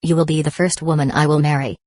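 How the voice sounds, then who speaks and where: A woman voicing a composed young man from a storybook, speaking evenly and without fuss. The voice is low and set close in a dry booth with no room sound. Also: fast talker, no echo. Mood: calm. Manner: calm, even delivery. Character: young man, calm and level-headed.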